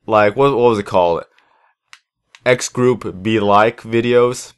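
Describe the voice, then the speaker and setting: A man's voice: fairly low pitch, takes it slowly, smooth. A young man hosting a gaming video, chatting casually and rambling in a laid-back way over a headset while he plays. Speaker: gaming channel host. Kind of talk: casual chat while playing a game.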